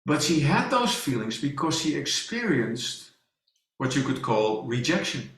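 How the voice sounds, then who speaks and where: A man giving a presentation and telling a personal story to an audience, halting, with many restarts and fillers. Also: mid-range voice, big pitch swings, fairly bright tone. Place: presentation hall. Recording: echoey room.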